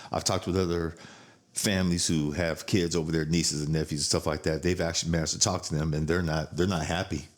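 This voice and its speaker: A man's voice: low voice, flat delivery, fairly quick. A man hosting a podcast in casual chat, blunt and profane, laughing as he tells family stories. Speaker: podcast host.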